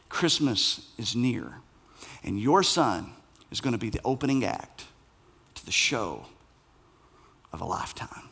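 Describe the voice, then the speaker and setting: A man preaching a sermon as pastor, animated and playful, acting out the voices in the story. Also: mid-range voice, gravelly, husky.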